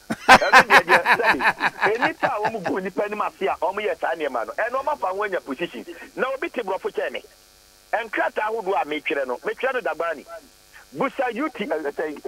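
Over a tinny phone line with hum, a man with a Ghanaian accent calls in to a radio talk show. His voice is high and fairly bright, and he speaks emphatically and defensively.

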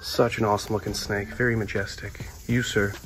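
A man hosting a casual vlog, cheerfully narrating as he feeds and cleans snakes, talking to the animals and dropping to a hush when close to them. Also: fairly low pitch, flat delivery, a little fast. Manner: upbeat, talks to the animals, drops to a hush near them. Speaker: reptile keeper and show host.

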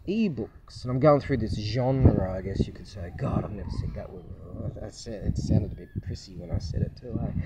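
A middle-aged man vlogging in a loose, rambling way, chuckling often and full of fillers and restarts. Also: lowish voice. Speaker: channel host. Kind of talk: casual rambling vlog chat. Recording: muffled, distant, loud background noise.

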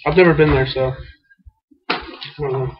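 A man, a softball coach, hosting a relaxed interview and joking around while eating. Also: on the high side, moderate pace, slight background noise. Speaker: softball coach, show host. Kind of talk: casual interview chat. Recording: muffled lo-fi recording.

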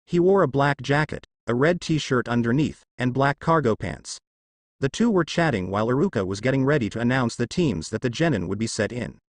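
A man reading a fan fiction story aloud as narrator, brisk and steady. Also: mid-range voice, no room sound.

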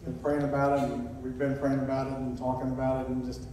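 Halting sixty-year-old man near tears. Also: mid-range voice, monotone, dark tone, slight background noise. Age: 60s. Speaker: church member announcing a calling. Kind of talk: emotional personal testimony. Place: church sanctuary. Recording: echoey church, distant mic.

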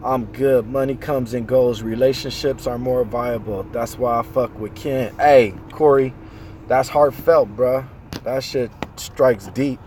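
A man hosting a casual live chat from a car in the city, talking in a loose, slangy, animated way. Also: mid-range voice, a little slow, a little hiss or hum. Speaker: host.

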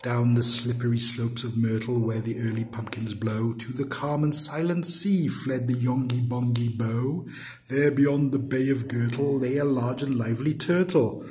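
A man giving a poetry recital in a rhythmic, measured reading voice. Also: medium pitch, fairly even intonation, darkish tone, slight background noise. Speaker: poetry reader.

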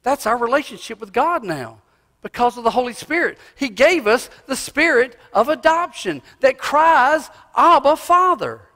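A male pastor preaching a sermon in a church, swinging from loud cries to hushed asides. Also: very high-pitched, animated, normal speed. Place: church sanctuary. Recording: long reverb of a church hall.

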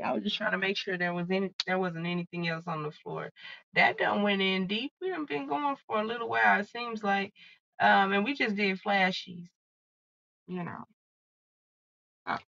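Bright, profane tarot-reading woman. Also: mid-range voice, no room sound, dull audio. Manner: blunt, profane, fired-up channeling. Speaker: tarot card reader. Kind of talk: casual tarot reading to viewers.

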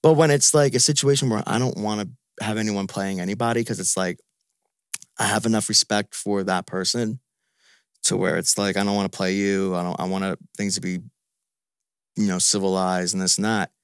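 A man's voice: fairly low pitch, fairly even intonation, brisk, clean tone, dry recording, clean studio sound. A man venting in a frustrated, repetitive, profane way in a casual podcast chat. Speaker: podcast guest.

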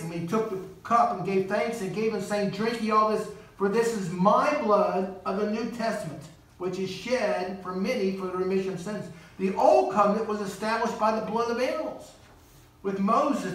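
A man's voice: sits high, a bit bright. A man preaching a sermon as guest speaker, earnest and storytelling, acting out quoted voices. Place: church sanctuary. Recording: roomy church hall, distant mic.

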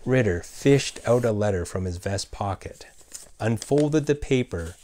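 A man narrating a scripted ghost story in a measured way and voicing the characters himself. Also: fairly low pitch, lively intonation, a little mellow.

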